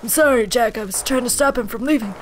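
A woman's voice: a little high, fast talker, a little hiss or hum, natural voice. A woman voicing a male police officer pleading for his partner's life in a game.

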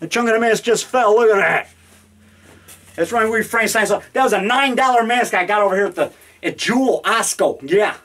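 A man in his fifties rambling excitedly through a home video in his basement, now and then growling mock monster roars. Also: sits high, a little fast. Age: 50s. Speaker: independent horror filmmaker. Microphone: handheld digital camera.

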